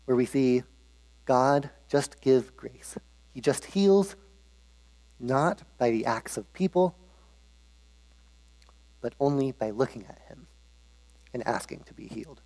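A man's voice: mid-range voice, expressive, slow, long pauses, a little mellow. A man preaching in a casual, humorous storytelling way, with frequent restarts, in a hall with a long echo. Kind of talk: casual Bible storytelling sermon.

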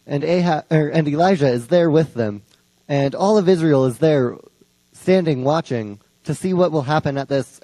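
A man's voice: on the high side, dark tone, dry recording, low-quality recording. Man retelling a Bible story casually. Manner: conversational, frequent restarts and repeated words.

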